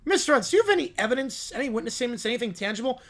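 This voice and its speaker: A man voicing a stern, weary judge in a flat, dismissive tone while reading a story aloud. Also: extremely high pitch, racing, exaggerated voice.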